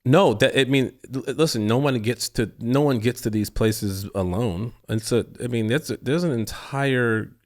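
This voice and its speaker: A man's voice: mid-range voice, moderate pace, few pauses. A man, an actor, chatting as a guest in a casual interview, telling stories animatedly and acting out his own reactions, with rambling restarts. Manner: rambling with frequent restarts and laughs.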